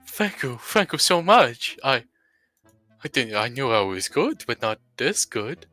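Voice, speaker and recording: A man's voice: medium pitch, sing-song, measured pace, bright, forceful tone, no room sound, soft background music. A man doing a vain actor with a fake fancy accent. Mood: flattered. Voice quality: put-on fancy accent, called terrible. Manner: polite, gushing thanks. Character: vain nervous male actor in an ascot.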